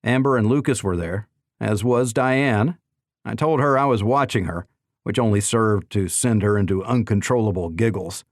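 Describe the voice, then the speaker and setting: A man narrating a novel in the first person in a measured, even storytelling manner. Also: fairly low pitch, no echo, studio quality. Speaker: audiobook narrator.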